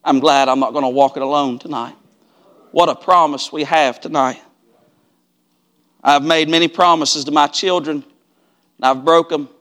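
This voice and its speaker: A man's voice: on the high side, fairly even intonation, moderate pace, long pauses, a bit bright. A middle-aged man preaching a revival-style sermon, rising into fervent, repeating cadences.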